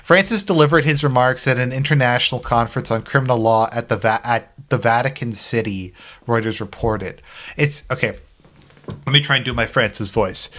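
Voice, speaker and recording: A man's voice: medium pitch, animated, a little fast, fairly bright tone. A man giving casual, rambling commentary on a news article, heavy on fillers and sarcastic asides. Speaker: political commentary vlogger.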